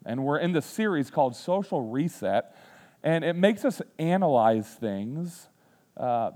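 A man in his thirties, a pastor giving a sermon, telling funny self-deprecating stories and then speaking quietly and earnestly. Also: mid-range voice. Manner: humorous, self-deprecating storyteller who acts out quotes; turns quiet and earnest when reflecting. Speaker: student ministries pastor. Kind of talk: sermon with personal storytelling.

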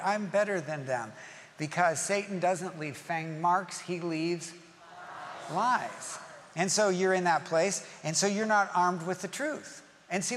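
A man preaching a sermon to a congregation, lively and playful, acting out quoted voices. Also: high-pitched, slight background noise. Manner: animated, acts out quoted voices and jokes with the congregation. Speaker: pastor. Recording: long reverb of a large hall, faint ambience.

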